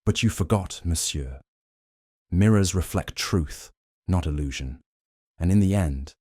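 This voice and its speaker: A shrewd, theatrical detective, voiced by a male audiobook reader lays out his case in a low, deep voice. He is measured and grand, slipping into French now and then. The sound is close and dry. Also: darkish tone, no echo. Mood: triumphant. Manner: measured, dramatic accusations with French phrases. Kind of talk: audiobook character reading.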